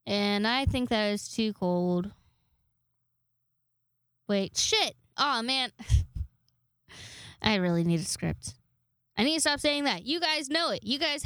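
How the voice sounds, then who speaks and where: A woman's voice: fairly high pitch, a bit bright, no echo. A young woman hosting her own podcast alone, rambling casually with lots of swearing and self-deprecating asides. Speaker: podcast host. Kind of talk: casual solo podcast chat.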